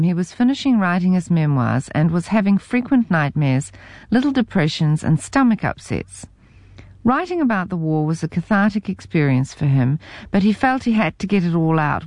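Brief: New woman reading a memoir, low voice that rises and falls a lot, wry and self-mocking. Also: a little mellow, no echo, studio quality. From New Zealand. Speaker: memoir narrator.

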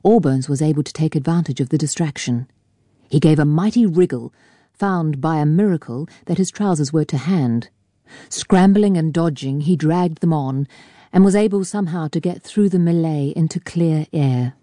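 A woman reading a novel aloud in a measured, even narration on a close mic. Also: sits low, dry recording. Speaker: audiobook narrator. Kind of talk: scripted narration.

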